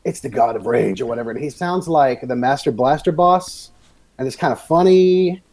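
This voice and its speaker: A man's voice: medium pitch, animated, normal speed, a little mellow, dry recording, rough recording. A man co-hosting a podcast, chatting casually in a rambling, meandering way. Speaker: podcast co-host. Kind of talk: casual chat.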